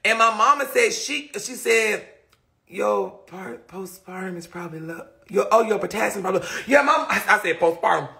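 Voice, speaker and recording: High, lively, gravelly-voiced live-streamer. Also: male voice, moderate pace. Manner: animated, dramatic storytelling with lots of laughing; sassy, slangy, talks straight to viewers. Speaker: livestreamer. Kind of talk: casual live-stream chat.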